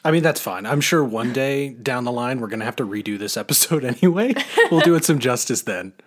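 A man's voice: mid-range voice, lively intonation, brisk. A man co-hosting a podcast in casual chat, rambling and self-deprecating, laughing often. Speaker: podcast co-host.

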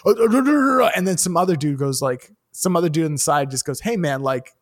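Man, comic co-host, fairly high voice, lively storyteller who swears a lot. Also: fairly quick. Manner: animated storyteller, swears freely, acts out the people in his stories. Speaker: stand-up comedian, podcast co-host. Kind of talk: casual chat.

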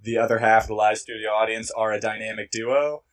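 A man's voice: lowish voice, little pitch movement, distant mic, low-quality recording. Joking young man, mic set back. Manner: joking, quick to laugh, rambling retellings. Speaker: podcast co-host. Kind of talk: casual chat.

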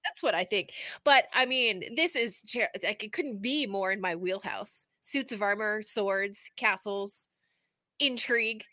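Bright-voiced animated woman co-host. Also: medium pitch, no echo. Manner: quick laugh, animated opinions. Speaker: podcast co-host. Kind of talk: casual pop culture chat.

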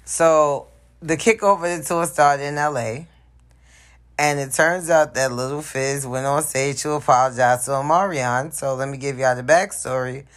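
A man's voice: medium pitch, measured pace. A man hosting a casual gossip podcast, talking loosely with slang, swearing, jokes and frequent laughs. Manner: animated, profane, joking, with laughs and slang. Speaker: podcast host. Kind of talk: casual celebrity gossip commentary.

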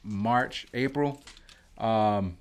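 Young philly dude, lower voice, takes his time, lots of ums. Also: extremely slow. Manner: hesitant, many fillers and restarts. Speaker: guest. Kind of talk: casual conversation.

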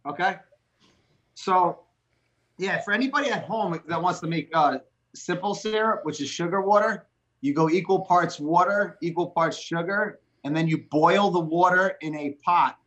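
A man's voice: high-pitched, normal speed, a bit bright, muffled recording. A man hosting a casual chat while showing how to make a cocktail, rambling and repeating himself. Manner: rambling, repetitive, laughs easily. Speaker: host.

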